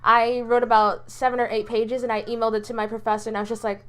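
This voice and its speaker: College girl vlogging about her day, kinda high voice, rambly, lots of ums and restarts. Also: steady tone, fairly quick. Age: about 20, college student. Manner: rambling, with many ums, restarts and small laughs. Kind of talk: casual storytelling vlog.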